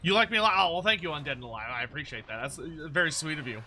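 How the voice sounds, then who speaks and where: A man's voice: fairly high pitch, expressive, very fast, bright, forceful tone. A man from Texas with a General American accent, hosting a casual live stream. He chats with viewers in a rambling way, with many fillers and restarts, and laughs easily. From Texas, United States. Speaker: livestream host.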